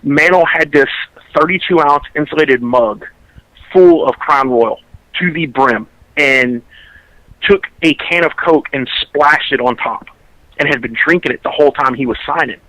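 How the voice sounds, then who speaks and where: A man's voice: on the high side, normal speed, sharp tone, dry recording, poor audio. A man, a podcast co-host telling a long story in casual chat, rambling and restarting his sentences.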